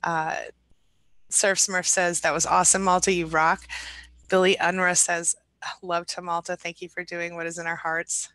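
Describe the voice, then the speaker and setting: Woman hosting a live chat, bright voice, dry close sound, reading comments one by one. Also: fairly low pitch, flat delivery, moderate pace, no echo. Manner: warm, emotional, reads viewer comments aloud. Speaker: host.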